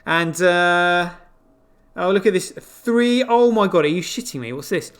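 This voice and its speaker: A man's voice: high voice, measured pace, a bit bright, faint music behind. A man hosting a crypto show, giving casual, incredulous running commentary on what he sees on screen, with frequent exclamations. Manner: exclaiming, incredulous, swearing asides.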